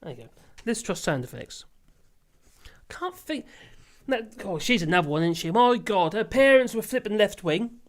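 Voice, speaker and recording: Lively rambling livestream host. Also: mid-range voice, moderate pace. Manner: rambling, laughs often, swears casually. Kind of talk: casual live chat.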